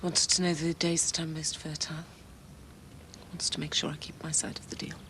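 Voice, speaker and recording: An actress playing a troubled young woman who confides in anxious, hushed tones in a soap opera. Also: lowish voice, fairly even intonation, moderate pace, a little hiss or hum, lightly acted.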